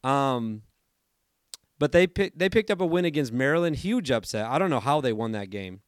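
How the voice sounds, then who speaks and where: A man in his thirties hosting a casual sports podcast, chatty and rambling, his voice hoarse from allergies. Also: medium pitch, animated, normal speed, dry recording, studio quality. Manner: chatty and rambling, self-correcting. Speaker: podcast host.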